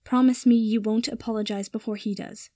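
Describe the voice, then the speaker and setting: A woman's voice: fairly high pitch, steady tone, fairly quick, no room sound, studio quality, lightly acted. A woman voicing Pansy, fierce and cutting. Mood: earnest. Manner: cutting, forceful when angry. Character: fierce, protective young woman, sharp-tongued.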